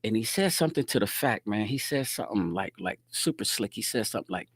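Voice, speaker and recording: Middle-aged male host, low voice, dry close sound, animated slangy storyteller with loud outbursts. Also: fast talker, slightly rough, no echo. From Quad Cities, US Midwest. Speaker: show host telling a street story. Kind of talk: casual storytelling rant on a livestream.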